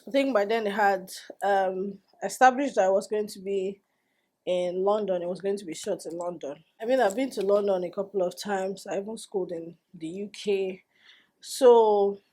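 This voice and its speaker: A young woman, a makeup artist telling a story in a casual vlog, animated and quick to exclaim. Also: medium pitch. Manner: animated, exclaiming and laughing, acting out quoted dialogue.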